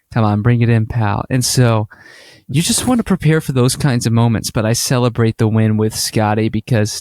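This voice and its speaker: A man co-hosting a casual podcast, chatty and animated as he tells stories. His voice sits in a middle register. He slips into little acted-out exchanges. The sound is close and dry, with no room around it. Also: mid-range voice, dry recording. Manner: animated storytelling, acts out quoted exchanges. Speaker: podcast co-host.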